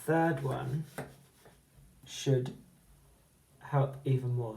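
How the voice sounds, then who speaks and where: A teacher giving a phonics lesson, slowly sounding out words syllable by syllable and letter by letter. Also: medium pitch, background noise. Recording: echoey room.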